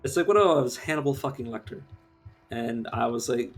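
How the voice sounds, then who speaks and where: A man with a medium-pitched, animated voice provides casual live-stream commentary on a game, speaking a little fast. His rambling rant is heavy on swearing and filler words, and faint music sits in the background.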